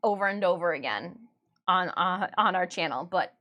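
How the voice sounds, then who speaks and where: This livestreamer and artist from Michigan, USA, has a low, bright, forceful voice with lively intonation at a normal speed. Her casual chat is self-mocking and frequently dissolves into giggles.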